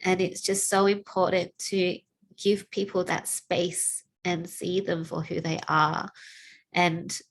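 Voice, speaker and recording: A woman speaks in an unhurried, lower voice, sharing personal reflections with sincere feeling. She talks slowly and earnestly, pausing to sigh between thoughts. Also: level tone. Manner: emotional, tearful at times, with sighs and laughs; slow and reflective. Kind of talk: heartfelt personal talk.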